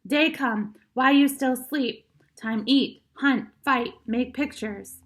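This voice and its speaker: A woman voicing a tiny, stern, proud male warrior in a storybook reading, speaking in slow, clipped, broken sentences. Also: high-pitched, a bit bright, voice pushed up. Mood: demanding.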